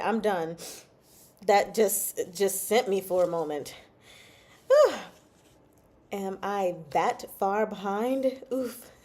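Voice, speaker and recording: A woman's voice: fairly high pitch, a little mellow. A woman hosting a casual livestream chat about a novel, laughing often and reading out chat comments. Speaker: book club host.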